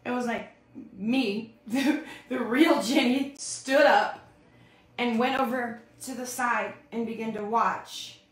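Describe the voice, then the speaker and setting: A woman telling her personal testimony on a livestream, animated and storytelling. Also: fairly high pitch, takes it slowly, roomy sound. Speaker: speaker sharing her testimony.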